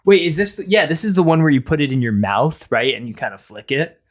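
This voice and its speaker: A man's voice: on the high side, very animated, quick pace. A man co-hosting a casual comedic chat, rambling and hesitant with a playful edge. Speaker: podcast co-host.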